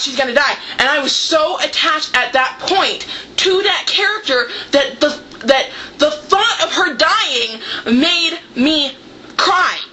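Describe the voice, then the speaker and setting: A woman book vlogger chatting casually to camera, giggly and tearful with excitable outbursts, recorded at home on a camera microphone. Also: sits high, slight background noise. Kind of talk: casual vlog chat.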